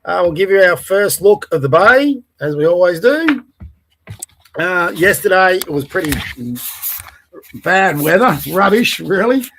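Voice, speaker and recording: A man with a somewhat high speaking voice hosts his morning livestream. He rambles casually, dropping fillers as he chats and reads scripture. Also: lively intonation, unhurried, a bit bright, a little hiss or hum. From Australia. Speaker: podcast host. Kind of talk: casual morning commentary and Bible reading. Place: Melbourne, by the bay.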